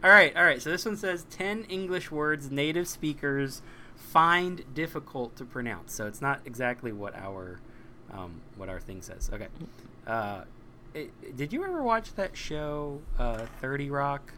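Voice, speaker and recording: A man's voice: mid-range voice, sing-song, unhurried, bright, forceful tone, slight background noise. A man co-hosting a podcast in casual, rambling chat, joking as he restarts his sentences. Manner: rambling, jokey, restarts often. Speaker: podcast co-host.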